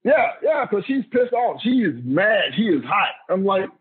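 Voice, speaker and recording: A man's voice: high-pitched, sing-song, moderate pace, few pauses, breathy edge. A middle-aged man, a former football player, telling a family story in an interview, emphatic and repeating himself. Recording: tinny phone-like audio.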